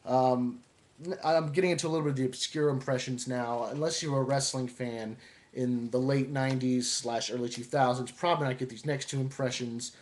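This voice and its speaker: A young man talking casually, introducing his impressions with relaxed, chatty asides. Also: medium pitch, brisk. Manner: relaxed, chatty, hesitant with fillers. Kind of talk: casual video monologue.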